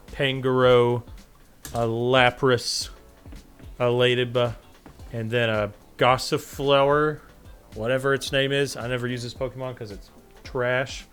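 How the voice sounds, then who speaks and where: With soft music playing behind him, a podcast co-host tells a story at a measured pace in a clear, resonant mid-range voice. The chat is casual, and he animatedly acts out the quotes, swearing freely.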